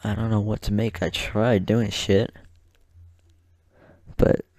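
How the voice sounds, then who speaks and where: A young man vlogging a casual rant to the camera, halting and out of breath, swearing and restarting his sentences. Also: fairly low pitch, steady tone, a little mellow, no echo, studio quality.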